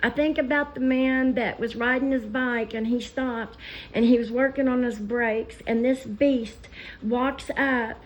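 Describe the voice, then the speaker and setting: A woman vlogger telling stories in an emotional, indignant rant, pausing as she speaks. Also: fairly high pitch, steady tone, rough recording. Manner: indignant, impassioned storytelling with pauses. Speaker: commentary vlogger.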